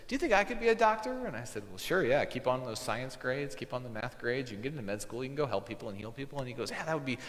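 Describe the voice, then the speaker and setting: A man's voice: mid-range voice, a bit bright, in a large hall. A man, a pastor preaching a sermon and telling a story in a conversational way, acting out the dialogue. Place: church sanctuary.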